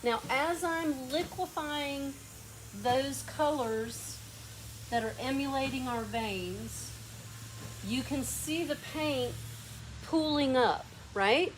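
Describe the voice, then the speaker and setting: A woman's voice: high voice, slow pace, slight background noise, low-quality recording. A woman with a lazy Southern drawl hosting a painting demo in a workshop, chatting and coaching a helper as she works. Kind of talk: hands-on demonstration.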